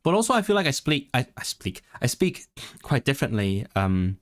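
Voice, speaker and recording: A man's voice: medium pitch, moderate pace. Chatty male language-learning streamer. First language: English. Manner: thinks aloud, many restarts, reads chat; switches into learner's Welsh with lively intonation. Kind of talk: casual livestream chat. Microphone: desk microphone.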